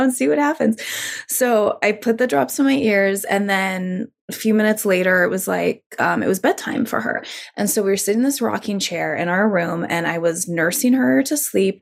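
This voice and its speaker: A woman in her forties with a gravelly edge to her voice, hosting a podcast. She tells a personal story in a reflective, unhurried way. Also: mid-range voice. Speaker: podcast host. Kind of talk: podcast conversation.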